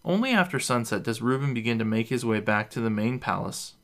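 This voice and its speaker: A man narrating a fantasy story in a steady, even storytelling manner. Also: mid-range voice, a little fast. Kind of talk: audiobook story reading.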